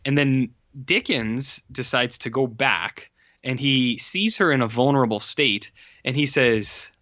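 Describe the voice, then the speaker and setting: A man's voice: medium pitch, a little slow, bright, forceful tone, no echo, dull audio. A man co-hosting a podcast, casually recapping a film in a rambling way, full of likes and uhs. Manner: rambling, filler-heavy storytelling. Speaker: podcast co-host. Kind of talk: casual movie recap chat.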